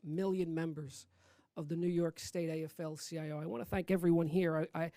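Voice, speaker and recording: A man's voice: on the high side, fairly even intonation, fairly quick, warm tone, no echo. A man who leads a state labor federation, giving earnest, grateful press conference remarks.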